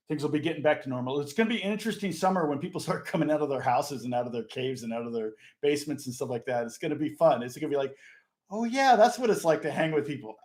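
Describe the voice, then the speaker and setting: A man's voice: mid-range voice, darkish tone. A middle-aged man, a session guitarist, chatting casually and rambling through stories with lots of fillers and restarts. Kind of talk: casual chat.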